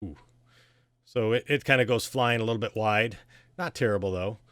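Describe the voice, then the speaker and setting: A man with a fairly low, bright and forceful voice narrates a tabletop game as game master. He talks casually and haltingly, full of fillers, and the sound is close and dry. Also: no room sound.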